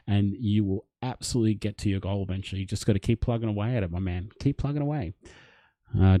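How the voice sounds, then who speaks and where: A man's voice: lowish voice, dark tone, no echo. A young Australian man hosting a casual livestream, chatting matily as he reads out and answers viewer comments. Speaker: livestream host.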